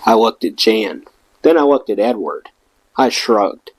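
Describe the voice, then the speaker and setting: A man's voice: lowish voice, big pitch swings, a little slow, no room sound, poor audio. A man reading a rock memoir aloud as an audiobook, giving the quoted lines their own voices. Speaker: audiobook reader.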